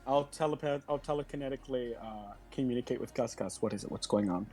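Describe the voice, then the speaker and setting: A man's voice: mid-range voice, fast, darkish tone, breathy edge. A man playing a tabletop game, describing his actions in a playful, rambling way. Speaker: player. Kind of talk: casual tabletop game play.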